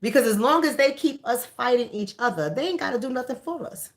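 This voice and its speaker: An animated woman tells a story straight to her audience, candid and emphatic. She repeats her lines for effect, and her voice swings widely between high and low. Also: brisk. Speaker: vlogger. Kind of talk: casual storytelling monologue.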